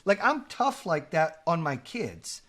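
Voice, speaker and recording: A middle-aged man hosting a podcast, telling a story in a casual, animated way, swearing and acting out the lines he quotes. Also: a little high, slow. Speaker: podcast host.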